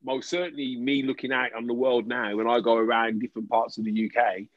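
A man with a mid-range voice chats casually at a fairly quick clip, animated and joking as he keeps starting his sentences over. The recording has no room sound and a dull, lo-fi, dry quality.

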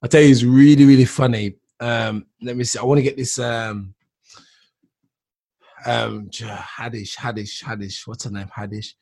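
A man's voice: medium pitch, fairly even intonation, normal speed, vocal fry, a little mellow, slightly rough. A man, hosting a casual chat, rambling and tacking man onto his sentences. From England. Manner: rambling, says man a lot. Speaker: podcast host.

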